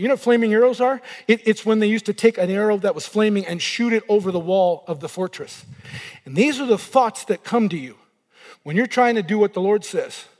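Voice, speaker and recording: A middle-aged male pastor preaching a sermon, animated and acting out inner voices as he goes. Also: high-pitched, long reverb tail.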